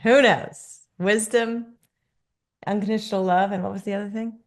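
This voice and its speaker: A woman's voice: mid-range voice, steady tone, moderate pace. A woman hosting a podcast, gushing and enthusiastic toward her guest. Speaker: podcast host. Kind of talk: podcast interview.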